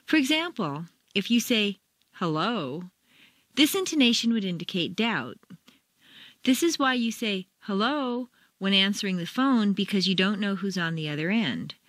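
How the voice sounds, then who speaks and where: American woman, accent-training narrator, very animated intonation, dry close-miked studio read. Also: medium pitch, normal speed, no room sound. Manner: exaggerated intonation for demonstration. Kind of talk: scripted instructional reading.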